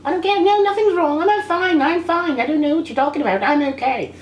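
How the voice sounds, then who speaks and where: A reviewer putting on a sulky, dismissive young heroine in a high, mocking, whiny singsong. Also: fairly quick, reverberant.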